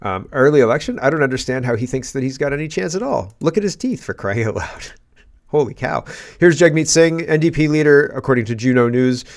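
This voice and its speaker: A man's voice: mid-range voice, expressive, fairly quick. A man hosting a casual political commentary show, exclaiming and rambling in disbelief.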